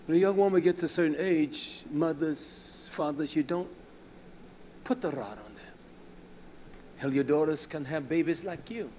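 A man's voice: fairly high pitch, measured pace, long pauses. Blunt, scolding preacher man, faint hiss. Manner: blunt, scolding, swings from hushed to loud and emphatic. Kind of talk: sermon.

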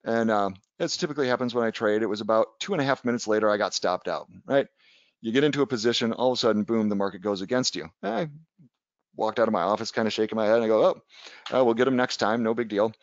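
A man's voice: fairly low pitch, quick pace, no room sound, lo-fi sound. Man teaching trading, conversational. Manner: conversational, tags points with "right?", tells anecdotes. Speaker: trading educator. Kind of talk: casual webinar lecture.

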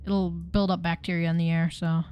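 A woman chatting through a game, excitable and tripping over her words. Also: fairly low pitch, normal speed, smooth, dull audio. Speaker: gamer. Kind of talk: casual game commentary.

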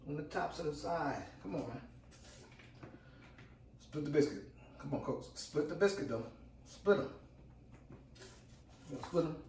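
A man's voice: a little high, expressive, measured pace, long pauses, a little mellow, recorded from a distance. A man hosts a home cooking demo, hyped and repeating himself as he calls out to his viewers. His voice jumps around with lots of expression. He sounds a bit away from the mic in an echoey kitchen with faint background hum. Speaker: cooking channel host.

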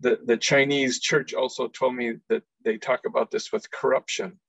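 A man speaking in an earnest lecture style, his voice gravelly and a little husky. He often repeats words as he starts a phrase. The recording is dry and somewhat dull. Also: mid-range voice, steady tone, moderate pace, fairly bright tone, no room sound. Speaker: executive director giving a talk. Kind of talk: faith-based lecture.

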